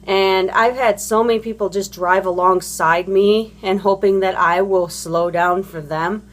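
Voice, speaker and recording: Speaking at a measured pace with medium pitch and fairly even intonation, an adult mother vlogs a rant about other drivers. Her monologue is casual and rambling, crude and blunt, and packed with fillers and false starts.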